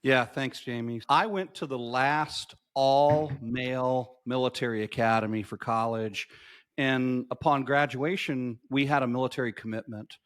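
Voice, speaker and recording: A man speaking as a guest in a casual podcast interview, relaxed, with dry, teasing humor. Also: mid-range voice, a little slow.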